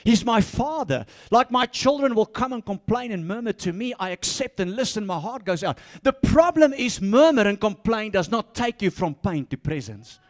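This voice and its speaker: A man preaching a sermon, swinging between soft asides and loud, repeated calls, often laughing and stumbling over his words. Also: high-pitched, animated, moderate pace, few pauses. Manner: laughs often, stumbles and restarts when fired up. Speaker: pastor.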